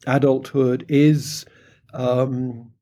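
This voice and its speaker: A man's voice: mid-range voice, level tone, drawn-out words, mellow. A middle-aged man with a British English accent, answering interview questions in a hesitant way with many ums and restarts. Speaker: phonetics researcher, interviewee.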